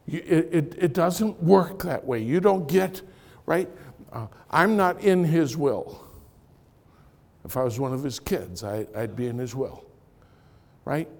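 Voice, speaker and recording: A man preaching a sermon in church, swinging from loud punchlines to quiet, confiding asides as he tells stories. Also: fairly high pitch, lively intonation, takes it slowly, vocal fry, pauses often. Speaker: pastor. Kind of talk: sermon with storytelling.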